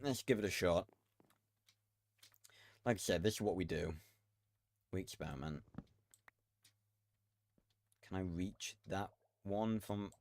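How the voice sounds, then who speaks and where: A man's voice: sits low, slow, long pauses, a little mellow. A man giving casual commentary while playing a building game, muttering to himself, swearing now and then and laughing. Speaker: gaming video creator.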